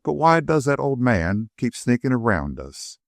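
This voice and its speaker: A man voicing a young woman who asks gentle, earnest questions and bristles quickly. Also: medium pitch, very animated, vocal fry, dry recording, studio quality.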